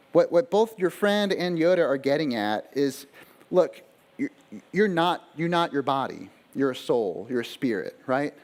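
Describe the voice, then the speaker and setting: A male pastor preaching a sermon in a conversational style, full of asides and rhetorical questions. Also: fairly high pitch.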